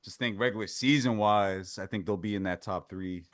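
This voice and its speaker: A man's voice: on the low side, moderate pace, dry recording, studio quality. A man hosting a casual sports podcast, pushing back on points and pulling others into the discussion. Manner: pushes back, steers the talk, asks others in. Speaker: podcast host.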